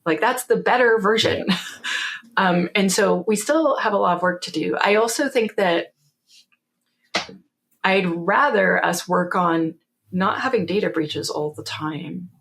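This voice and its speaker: A woman with a Canadian accent, speaking in a fairly low register. She is in her forties and chats as an interview guest, animated and quick to laugh, often slipping into dry quotes of what she told people. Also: gravelly, slight background noise. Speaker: guest, security author. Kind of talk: casual interview storytelling.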